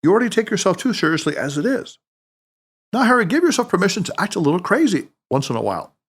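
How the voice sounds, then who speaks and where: A playful, teasing mentor with an emphatic delivery, voiced by a man. The pitch rises and falls in a lively way, sitting a little high for a man. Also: fast talker, slightly rough, full character voice. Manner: emphatic, teasing, booming laughter. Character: wise playful older male mentor Tanaka.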